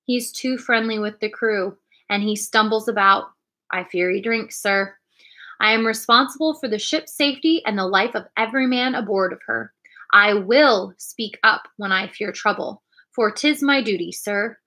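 Casual: woman doing a grumpy blunt ship captain, storybook reading, kinda bright tone. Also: medium pitch, normal speed, close to an everyday voice. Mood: stern. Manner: blunt, disapproving. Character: stern blunt ship's captain, man.

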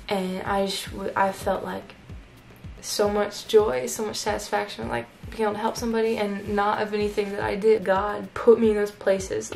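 Flat-voiced young woman vlogging, slight fry. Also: mid-range voice, low-quality recording. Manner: chatty, lots of "like" fillers. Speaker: YouTuber. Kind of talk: casual storytelling vlog.

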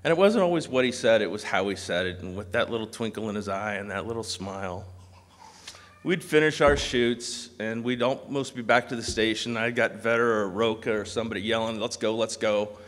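A man giving a memorial speech, telling animated anecdotes and mimicking voices. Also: fairly low pitch, a little fast. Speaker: eulogy speaker. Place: large hall. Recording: long hall reverb.

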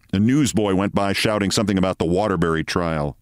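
Male host, story reading, low voice, measured and expressive. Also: smooth, dry recording, studio quality.

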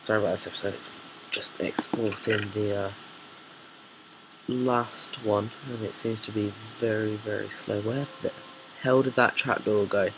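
A man's voice: lowish voice, fairly even intonation, a little slow, background noise. A man casually commenting on his own gameplay, muttering, swearing and thinking aloud while he builds. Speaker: gameplay video maker.

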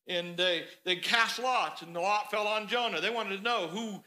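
A male pastor delivers a sermon in a church sanctuary with a notably high-pitched voice. His tone is very bright and cutting. He tells the story in an animated, conversational way. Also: moderate pace, poor audio.

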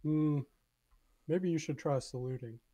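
Mellow-toned tabletop game player. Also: medium pitch, a little slow.

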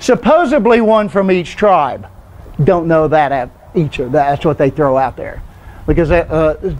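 A man's voice: sits high, darkish tone. A man teaching an informal Bible study class, explaining loosely and stopping often to quiz the class with questions. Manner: conversational, quizzes the class with questions.

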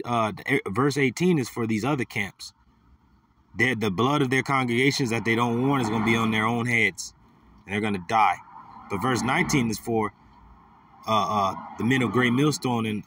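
Low-voiced preacher man, dry and distant. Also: a bit bright, no room sound. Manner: emphatic, repeats words, rises for quoted verses. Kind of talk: street sermon with scripture reading.

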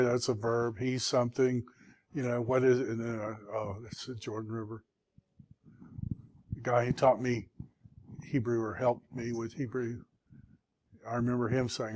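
A man's voice: medium pitch, a little mellow. A man teaching a classroom review, sounding words out syllable by syllable with patient encouragement. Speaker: Hebrew teacher.

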